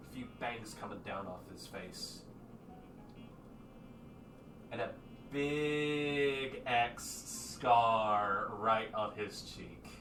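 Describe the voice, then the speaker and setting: A man narrating as game master in a casual, filler-heavy way, recorded at a distance in an echoey room with background noise. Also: lowish voice.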